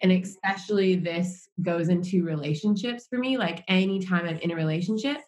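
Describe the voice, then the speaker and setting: A woman's voice: on the low side, fairly quick, a little mellow, low-quality recording. An American woman chatting casually as a podcast co-host, rambling with lots of "like" fillers. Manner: rambling, heavy use of "like" fillers. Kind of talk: casual chat.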